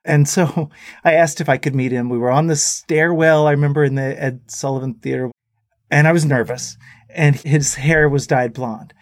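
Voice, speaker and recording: In a casual storytelling interview on a talk show, a male musician guest relates anecdotes, acting out quotes from the people in them with animated voices. His voice is on the high side at normal speed, captured at studio quality with no echo.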